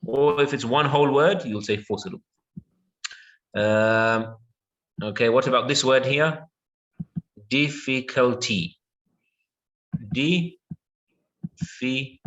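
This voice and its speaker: A man's voice: mid-range voice, measured pace, long pauses, fairly bright tone, muffled recording. A man teaching an English lesson, patiently repeating words and checking that his student follows.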